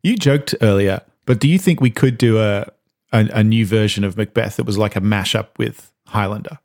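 A man's voice: on the low side, moderate pace, darkish tone. A man rambling through an anecdote in casual chat, swearing and laughing. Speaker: podcast co-host.

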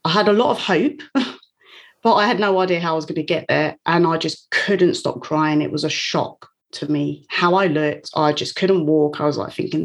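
A woman's voice: sits low, steady tone, normal speed. Candid woman telling her story. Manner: candid, emotional, laughs often. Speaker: guest. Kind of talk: personal storytelling.

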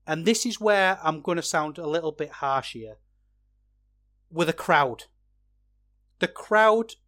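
A man, a wrestling podcaster, talking through a match review in a casual, chatty way that gets animated when he rants. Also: a little high.

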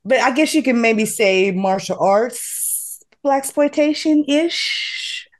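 A woman hosting a casual podcast chat, summarizing a movie in a playful, animated way with frequent laughs. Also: fairly high pitch, takes it slowly. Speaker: podcast host.

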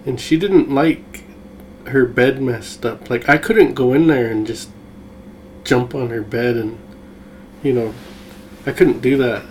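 A man hosting a podcast, chatting in a relaxed, reminiscing way. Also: medium pitch, takes it slowly, long pauses, slight background noise, rough recording. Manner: relaxed, reminiscing, backchannels often. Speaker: podcast host. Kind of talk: casual conversation.

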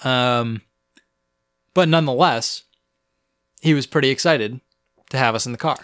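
A young man co-hosts a casual podcast and tells a story in an animated way. He often stumbles and restarts his sentences. The sound is close and dry, with no room echo. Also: medium pitch, a little slow, clear, resonant tone. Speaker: podcast co-host. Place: Boston area.

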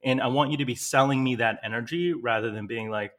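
Male literary agent, relaxed conversational critique, plain mid-pitch voice, upbeat and direct. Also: fast. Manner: conversational, frequent "right?" and "like". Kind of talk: critique of a query letter.

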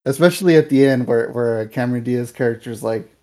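Young male podcast co-host, relaxed dark tone, loose and filler-heavy. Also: mid-range voice, a little fast. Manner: rambling, filler-heavy, animated retelling. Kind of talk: casual movie review chat.

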